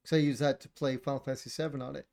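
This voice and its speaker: A man's voice: medium pitch, flat delivery, very fast, vocal fry, a little mellow. A man co-hosting a casual chat about video games, blunt and opinionated, swearing and laughing often.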